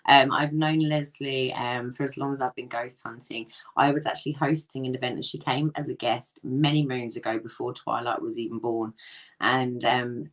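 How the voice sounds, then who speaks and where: A woman's voice: a bass voice, little pitch movement, normal speed. A woman with a North London accent, chatting casually as an interview guest about her ghost hunting business, with frequent laughs and ums. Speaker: ghost hunt company owner, guest.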